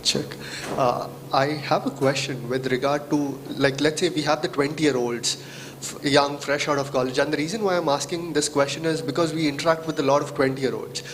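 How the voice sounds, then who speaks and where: A man's voice: a little high, steady tone, normal speed, noisy background. A man asking a question from the audience, hesitant with many fillers. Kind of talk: question from the floor.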